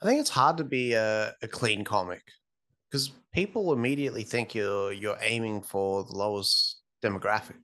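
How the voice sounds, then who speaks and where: A man's voice: lowish voice, normal speed, fairly bright tone. A man from Australia, a podcast guest in casual chat who laughs often and swears casually.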